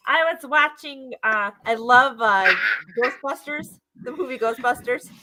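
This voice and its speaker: A woman's voice: high-pitched, a little slow, heavy background noise. A middle-aged woman co-hosting a live stream in casual chat, giggly and playful, breaking into joke accents.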